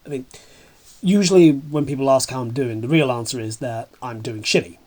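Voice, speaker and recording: A man's voice: medium pitch, fairly quick, darkish tone, natural voice. A man acting as a bitter, washed-up male horse celebrity, talking in a sardonic, rambling way with stammering asides. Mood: bitter, wry. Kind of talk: comedic dramatic monologue.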